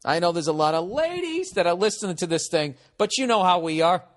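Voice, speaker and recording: A middle-aged man talks through listener advice in a loose, rambling comic monologue, swearing freely and speaking bluntly. His voice sits a little high for a man. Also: expressive, a little fast. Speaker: podcast host giving advice. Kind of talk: casual comedic advice monologue.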